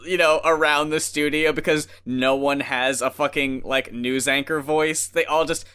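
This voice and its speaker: Co-host, male: bright tone and a slightly high voice, relaxed and profane, laughs easily. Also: normal speed, clean tone. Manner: laid-back, swears freely, laughs often. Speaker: co-host of an album review show. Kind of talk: casual review chat.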